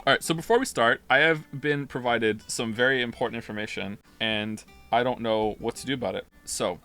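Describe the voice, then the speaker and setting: A man's voice: medium pitch, brisk, bright, forceful tone, smooth, faint music behind. A man streaming a game live, chatting casually, rambling and interrupting himself while reading chat aloud.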